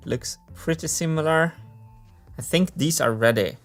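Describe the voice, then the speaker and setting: A man narrating a workshop vlog, enthusiastic and quick to laugh. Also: on the high side, faint music behind. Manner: excitable, laughs often, enthusiastic. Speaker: maker and engineering video creator.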